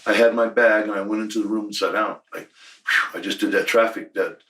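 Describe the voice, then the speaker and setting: A man's voice: on the low side, fairly even intonation, a little fast, a bit bright, far from the mic, poor audio. A man in his sixties, a former wrestler, telling blunt, profane stories in an emphatic shoot interview. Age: 60s.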